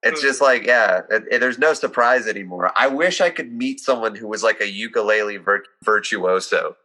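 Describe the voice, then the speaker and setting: A young man guesting on a comedy podcast, riffing dryly with halting restarts. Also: lowish voice, pushed and bright, poor audio. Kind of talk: casual comedic banter.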